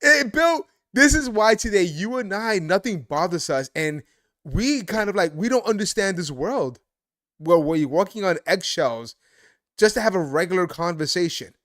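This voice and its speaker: A man's voice: high voice, expressive, moderate pace, fairly bright tone, dry recording, studio quality. A man from Brooklyn, co-hosting a live stream, emphatic and repeating himself. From Brooklyn, New York. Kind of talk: casual political chat.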